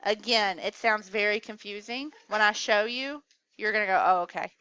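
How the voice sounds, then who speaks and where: A woman's voice: medium pitch, normal speed, bright, forceful tone, smooth, dry recording, highs cut off. A woman teaching a math class, coaxing students along with questions in a classroom lecture.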